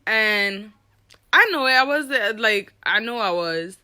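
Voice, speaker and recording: A young woman telling a candid personal story with an animated, profane delivery, acting out the people she quotes. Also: medium pitch, a little slow, clean tone. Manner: animated, profane, reenacts dialogue.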